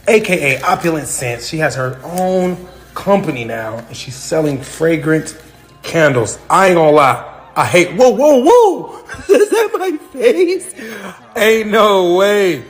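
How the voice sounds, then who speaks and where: A vlogger in a played clip, exclaiming excitedly in slangy, casual talk. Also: medium pitch.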